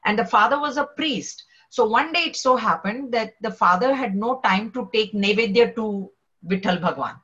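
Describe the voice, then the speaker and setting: A woman, a spiritual teacher telling a devotional story in a lively way and acting out the characters' voices. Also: a little high, normal speed, dull audio.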